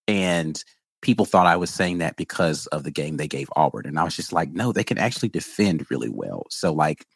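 A man with a very deep, husky voice gives firm opinions in a casual podcast chat, tripping over and restarting his words. The recording is close and dry. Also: no echo. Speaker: podcast co-host.

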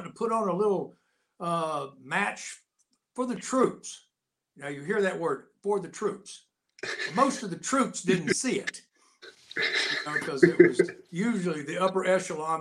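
Older man spinning folksy war stories. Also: on the high side. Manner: folksy, animated anecdote-telling. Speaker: interview guest, actor and Navy veteran. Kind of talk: casual storytelling in an interview.

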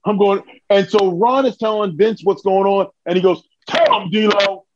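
Podekscytowany mężczyzna o wysokim głosie, przytłumione nagranie. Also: male voice, high-pitched, normal speed, highs cut off, slight background noise. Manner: animated, excitable storyteller. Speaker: podcast guest. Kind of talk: casual storytelling.

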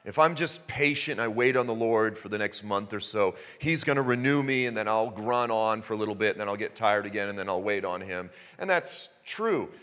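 A man's voice: lowish voice, a little fast, hardly any pauses, a bit bright, clear, resonant tone. A man preaching a sermon, conversational at first and building to passionate emphasis. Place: church. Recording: long reverb in a church hall.

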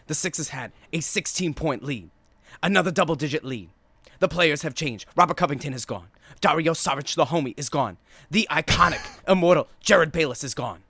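A man voicing a loud, emphatic male TV sports pundit who bellows hot takes with drawn-out stresses. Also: fairly high pitch, dry recording, exaggerated voice.

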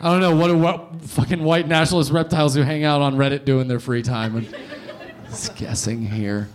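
A man's voice: a little high, steady tone, brisk. A young man hosting and doing stand-up on a comedy club stage, sardonic and riffing, with casual swearing.

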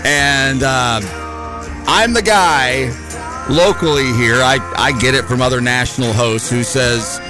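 A man's voice: medium pitch, slow, music in the background. A man hosting a radio talk show, talking in an opinionated, conversational and rambling way in a studio.

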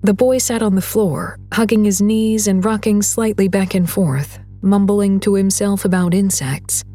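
Woman audiobook narrator, breathy, measured, faint music behind. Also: medium pitch, fairly even intonation, dark tone. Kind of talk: scripted story narration.

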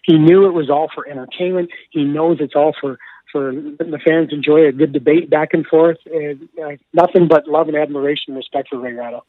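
Excitable storytelling man on a tinny line. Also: on the high side, fairly quick. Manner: excitable, laughs often, repeats words. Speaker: hockey broadcaster. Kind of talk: animated storytelling. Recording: tinny phone-like line, dry.

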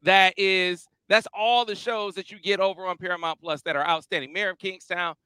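A man hosting a casual sports show in an energetic, emphatic, playful style on a close mic. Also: high-pitched, normal speed, clear, resonant tone, no echo. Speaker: podcast host.

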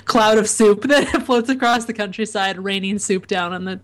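A woman guesting on a comedy podcast, laughing often as she spins absurd deadpan bits. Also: mid-range voice, moderate pace. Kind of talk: casual comedic chat.

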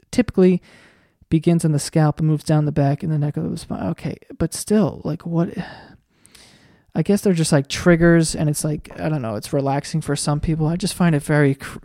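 A podcast host rambles through a solo comedy bit, swearing freely and jumping between animated tangents. The voice is captured close and dry, with no room sound. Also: mid-range voice, no echo. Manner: rambling, profane, animated storytelling. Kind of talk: comedic monologue.

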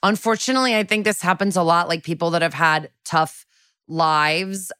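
A woman's voice: on the low side, normal speed, fairly bright tone, smooth, dry recording, clean studio sound. A woman co-hosting a podcast, chatting casually and thoughtfully between laughs. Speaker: podcast co-host. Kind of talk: casual chat.

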